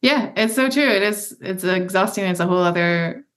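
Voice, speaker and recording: A woman's voice: medium pitch, normal speed, a bit bright. A woman in her thirties, a podcast guest, talking with passion and emphasis and encouraging her listeners. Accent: non-American. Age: 30s. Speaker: guest adventure athlete. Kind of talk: candid interview conversation.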